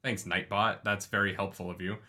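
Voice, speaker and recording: A man co-hosting a casual livestream book club, talking in an animated, joking way and laughing often. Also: on the low side, brisk. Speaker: co-host of a book club stream.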